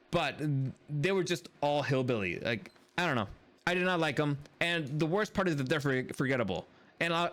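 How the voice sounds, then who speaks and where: A man's voice: on the high side, fairly bright tone. A man giving a casual, rambling film review in a blunt and dismissive way. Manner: blunt and dismissive, repeats words like "dumb"; loose and rambling, with many fillers and restarts.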